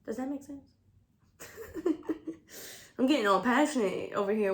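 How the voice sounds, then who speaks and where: A woman's voice: a little high, a little slow, pauses often. Chatty, slangy woman vlogger. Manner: chatty, slangy and profane, often laughing. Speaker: beauty vlogger. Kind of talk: casual get-ready-with-me chat.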